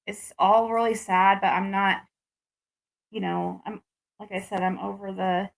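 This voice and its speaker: A young US vlogger talks to camera about a dating mishap, rambling, restarting and venting in frustration. Her medium-pitched voice is creaky and steady, and she keeps a measured pace.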